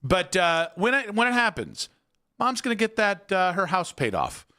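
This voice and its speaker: A man's voice: sits high, normal speed. A man in his forties hosting a sports radio show, telling joking stories in casual banter from a studio. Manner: animated, joking storyteller.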